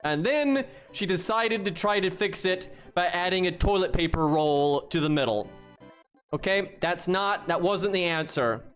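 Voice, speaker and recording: A man's voice: high-pitched, expressive, unhurried, fairly bright tone, clear, resonant tone, faint music behind. A man streaming live, giving blunt, exasperated and profane commentary while talking to his chat. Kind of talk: casual livestream commentary.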